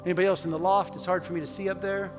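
Guy pastor preaching, pretty high voice, big church echo, earnest and pushy in a good way. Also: little pitch movement, racing, over music. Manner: earnest, storytelling, rising to emphatic exhortation. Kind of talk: sermon with altar call and prayer. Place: church sanctuary with a loft. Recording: long hall reverb of a church.

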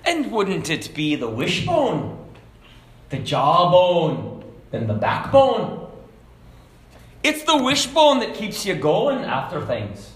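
A man's voice: high voice, huge pitch swings, takes it slowly, long pauses, fairly bright tone, echoey room, exaggerated voice. A preacher putting on an old Irishman's lilt. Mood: folksy. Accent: attempted Irish, drifting Scottish. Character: aged Irish man giving folksy advice.

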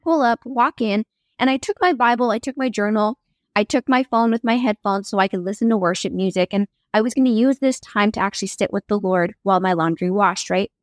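A young adult woman, a podcast guest, telling a personal faith story with lively acted-out quotes. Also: mid-range voice, a little fast, no echo, studio quality. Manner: animated, acts out quoted voices.

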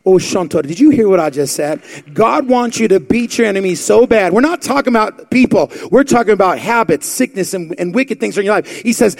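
A man's voice: high voice, animated, fairly quick, vocal fry. A middle-aged male pastor preaching a fervent sermon, quoting scripture and firing rhetorical questions at the congregation.

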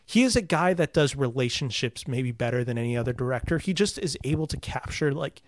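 A man's voice: medium pitch, lively intonation, brisk, no echo, clean studio sound. A young man in casual conversation as a podcast host, enthusiastic and rambling with fillers. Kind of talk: casual chat about movies.

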